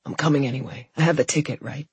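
A woman's voice: deep voice, steady tone, fast talker, breathy edge, no room sound. A woman voicing a jealous, hot-tempered boyfriend. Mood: insistent. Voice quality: shouts when angered. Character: jealous, quick-tempered adult male ex-boyfriend. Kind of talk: audiobook dialogue.

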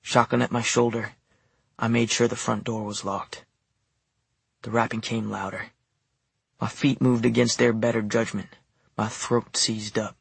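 Reading a first-person story for an audiobook, this narrator has a husky, deeply gravelly voice and keeps things quiet, level, and understated, his pitch flat throughout. It's a close, dry studio recording with no room sound and no echo.

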